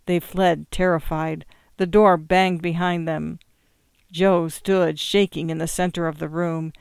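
A narrator reading a story aloud in a measured, expressive way. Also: mid-range voice, gravelly, smooth, dry recording, studio quality. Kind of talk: audiobook reading.

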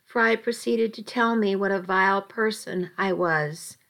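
A woman's voice: medium pitch, measured pace, vocal fry, a bit bright. A woman narrating a first-person story with dramatic, emotional delivery.

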